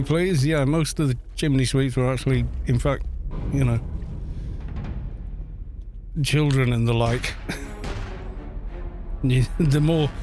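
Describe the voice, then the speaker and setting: A man hosting a gaming channel, chatting wryly and rambling through asides while he plays an online game. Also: mid-range voice. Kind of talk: casual commentary while playing an online game.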